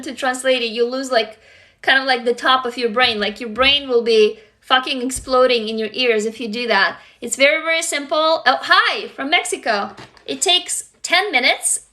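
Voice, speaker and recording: A woman from Russia, a native Russian speaker, hosts a casual livestream with a high, bright, forceful voice. She talks to her viewers frankly and affectionately, acknowledges commenters, and swears from time to time.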